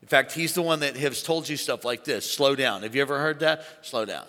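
A man preaching an animated sermon to a church congregation, calling on them to shout along. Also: a little high, fast talker. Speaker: pastor. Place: large church auditorium. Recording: long hall reverb.

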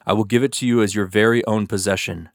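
A solemn almighty god speaks in measured, weighty promises, as a man reading scripture gives him voice. The tone is low and close, with no room sound. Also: steady tone, no echo, lightly acted.

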